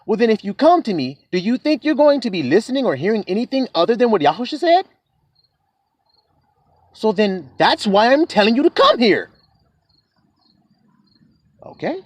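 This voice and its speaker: Lively, preachy man giving a dry sermon. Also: high-pitched, no echo. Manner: preachy, keeps asking "see?", slows to a drawl on verses. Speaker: self-styled preacher. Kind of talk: sermon reading scripture with commentary.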